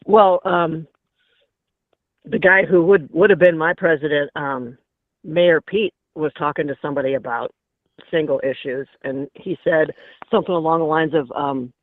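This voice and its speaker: A man calling in to a political talk show, hesitant with many pauses and ums. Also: fairly high pitch, steady tone, no echo. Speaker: caller. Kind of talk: phoned-in chat on a talk show. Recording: tinny phone line.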